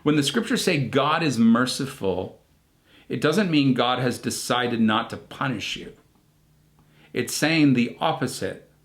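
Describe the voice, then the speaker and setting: A male pastor preaching a recorded sermon at an unhurried pace. His voice sits at an ordinary middle pitch, and he sets off key words with deliberate pauses, his tone reflective and earnest. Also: expressive.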